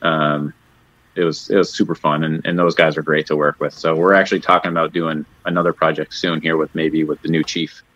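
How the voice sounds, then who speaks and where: A man, a custom motorcycle builder, talking as an interview guest in a halting, rambling, modest way over dull lo-fi remote audio. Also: rumbling low, little pitch movement, fairly bright tone, no echo. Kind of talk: casual interview chat.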